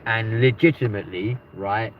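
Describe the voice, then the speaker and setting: A man's voice: lowish voice, moderate pace. A man with a London accent hosting a live stream, chatting casually in rambling banter and swearing freely. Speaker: livestream host. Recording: muffled lo-fi with faint noise.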